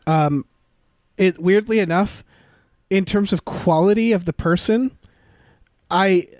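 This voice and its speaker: A man with a high voice talks loosely and crudely, co-hosting a casual podcast. He is animated and joking. The sound is close and dry, with no room around it. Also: slow pace, no room sound. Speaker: podcast co-host.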